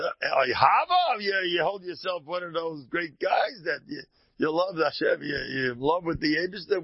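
A rabbi delivers an informal Torah talk in a gravelly, husky voice that sits fairly high for a man. He talks in an animated way, dropping to soft asides and then rising to loud exclamations. The recording is dry and dull. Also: no echo.

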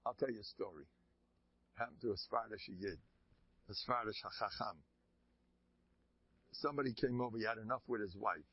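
A man's voice: fairly low pitch, a little fast, pauses often, slightly rough, no echo. A man giving a religious talk, telling stories and acting out the characters in them. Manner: animated, acts out characters in stories. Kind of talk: sermon with storytelling. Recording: dull lo-fi recording.

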